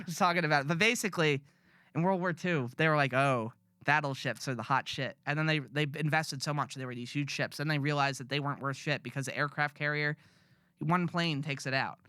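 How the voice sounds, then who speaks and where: A man's voice: fairly high pitch, fairly quick, pushed and bright, clear, resonant tone, no echo, studio quality. A man ranting bluntly and profanely in casual podcast chat. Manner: blunt, profane, rambling rants. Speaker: podcast co-host.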